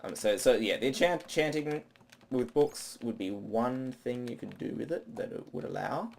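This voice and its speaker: A man's voice: mid-range voice, normal speed, gravelly, a little hiss or hum. A man doing rambling, self-talking let's play commentary while he plays. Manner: rambling, talks to himself. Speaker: gaming channel host.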